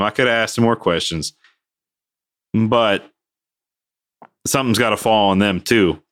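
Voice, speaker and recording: A man's voice: on the low side, moderate pace, pauses often. A man co-hosting a casual podcast, telling a work story and acting out what people said. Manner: animated, acts out quoted dialogue. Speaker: podcast co-host.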